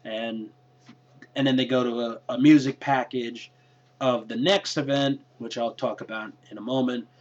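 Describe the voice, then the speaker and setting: A man casually recapping a wrestling show in a hesitant way, often pausing on fillers. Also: mid-range voice, steady tone, darkish tone. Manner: hesitant, with many fillers and restarts. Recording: lo-fi dull recording.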